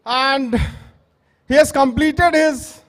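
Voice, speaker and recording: A man's voice: very high-pitched, steady tone, takes it slowly, fairly bright tone. A man emceeing a live event with energy, switching between languages mid-sentence.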